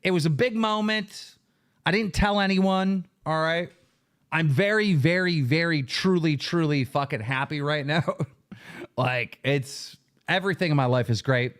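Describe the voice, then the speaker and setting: A man hosting a show, ranting angrily with heavy swearing and sudden shouted bursts. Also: a little high, a little slow. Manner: profane, heated, bursts into shouting. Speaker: show host. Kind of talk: angry livestream rant.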